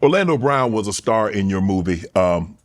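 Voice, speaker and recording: A man's voice: lowish voice, animated, normal speed. A man hosting an interview, asking questions in a conversational way and backing them with short affirmations. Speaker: host.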